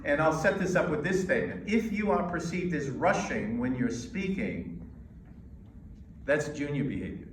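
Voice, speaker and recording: An American man coaching an audience on presenting, emphatic and measured, pausing between points. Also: fairly high pitch, lively intonation, distant mic, slight background noise. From United States. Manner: emphatic, with pauses and demonstrations. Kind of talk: lecture to a live audience. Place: lecture hall. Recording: echoey hall recorded from afar.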